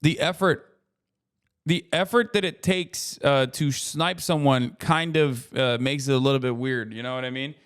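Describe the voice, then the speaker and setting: A man's voice: medium pitch, moderate pace, clean tone. Profane, rambling male streamer. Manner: profane, rambling, joking asides. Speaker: streamer reacting to a video. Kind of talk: casual reaction commentary.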